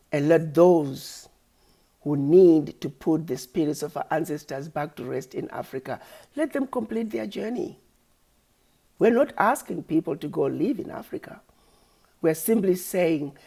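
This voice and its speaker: A woman's voice: mid-range voice, dark tone. A woman founder giving an impassioned address, scolding her critics with rhetorical questions and preacher-like repetition. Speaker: organization founder.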